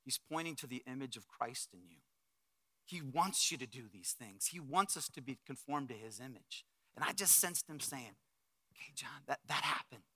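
A middle-aged man preaching as a pastor, telling a story with acted-out quotes and swings from loud bursts to hushed reflection. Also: medium pitch, expressive, normal speed, no echo. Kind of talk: sermon storytelling.

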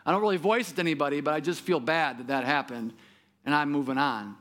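A man preaching a sermon who speaks straight to his listeners and drops soft and low for his solemn points. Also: fast. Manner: repeats words when he restarts, talks straight to the listener. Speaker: pastor.

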